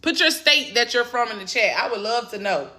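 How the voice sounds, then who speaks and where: A Southern woman coaching exam takers on a phone live stream, with a Southern accent and a bright, cutting voice pitched a little high. She talks in an excitable, encouraging way and cheers her viewers on. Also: a little fast. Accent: Southern American. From Southern United States. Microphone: phone camera.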